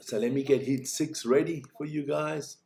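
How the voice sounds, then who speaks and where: Hosting a watch-along stream, a man offers casual, joking live commentary on a snowboard race in a medium-pitched, creaky voice at normal speed. He chats between heats and gets excitable during the runs.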